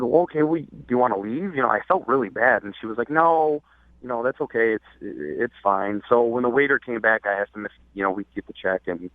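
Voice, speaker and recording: Over a tinny, dry phone line with no echo, a caller with a lowish voice, a young adult man, rings a radio show. His dating story comes out halting and meandering, packed with filler words.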